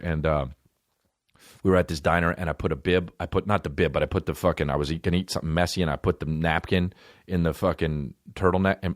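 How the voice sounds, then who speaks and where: A man's voice: low voice, no room sound, studio quality. Profane, rambling comedian man. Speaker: podcast host, comedian. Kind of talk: rambling solo comedy podcast.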